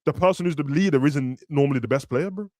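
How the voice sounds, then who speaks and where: A young man with a slightly high voice chats about football in quick slang, often jumping into raised voices to play footballers. The sound is close and dry. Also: no room sound. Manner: animated, slangy, acts out players in raised voices. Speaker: football podcast host. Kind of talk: casual football chat.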